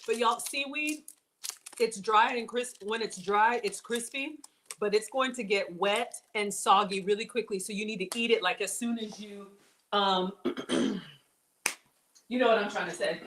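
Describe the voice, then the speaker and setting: A woman hosting a casual cooking demonstration, chatty and excitable, talking straight to her viewers as she builds a snack. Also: medium pitch, a little slow, slight background noise. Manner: bubbly, excitable, chatty, addresses viewers as y'all. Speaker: cooking show host.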